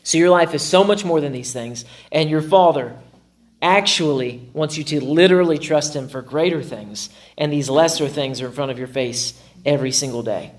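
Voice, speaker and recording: Male pastor, preaching a sermon, lively and self-mocking, slightly high voice. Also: normal speed. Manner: animated, acts out his own inner dialogue with self-mocking humor.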